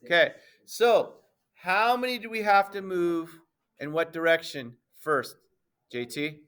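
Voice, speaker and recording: Speaking unhurriedly in a high, clean-toned voice, a male teacher leads a middle school math lesson. His style is playful and forceful, and he addresses the class as ladies and gentlemen while frequently confirming they understand.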